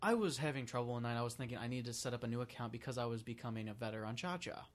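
A young man co-hosting a casual talk show, blunt and quick to scoff. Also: medium pitch. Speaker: podcast co-host. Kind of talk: casual chat.

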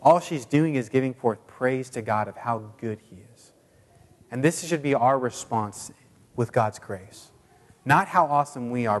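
A man preaching a sermon in a casual, chatty way with many fillers, now and then putting on high squeaky voices for quotes. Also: big-room sound. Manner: puts on high squeaky voices when quoting people. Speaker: pastor.

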